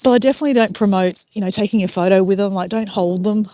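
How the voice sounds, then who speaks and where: A woman's voice: medium pitch, fast, mellow, dry recording. Chatty Australian woman walking outdoors. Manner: chatty and rambling, talks while walking outdoors. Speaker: vlogger. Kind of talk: casual walking vlog, chatting with viewers. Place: outdoor walking track by a river.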